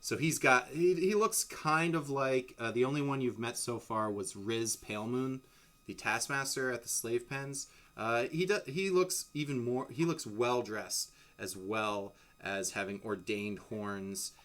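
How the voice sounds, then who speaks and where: A man's voice: mid-range voice, measured pace, a bit bright. A man narrating a tabletop game as game master in a casual, rambling way with many restarts. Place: home streaming setup.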